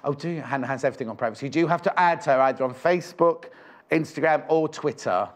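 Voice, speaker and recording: A man fronting a live TV shopping show, his voice sitting a little higher than most men's. He chats freely, wanders off on tangents and corrects himself mid-sentence, then comes back to the prices. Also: fast. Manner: chatty, rambling, self-correcting. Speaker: shopping channel presenter. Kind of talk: live TV selling chat. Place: TV studio.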